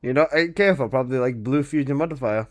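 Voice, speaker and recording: A man streaming a game, chatting casually with teasing, excitable banter, repeating himself and swearing freely. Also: mid-range voice, quick pace. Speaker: gaming streamer.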